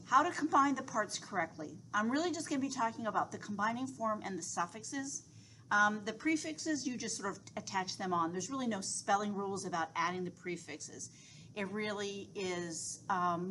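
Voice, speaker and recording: A woman's voice: medium pitch, a bit bright, slight background noise, rough recording. A woman instructor giving a recorded lecture, explaining step by step with reassuring asides and frequent fillers.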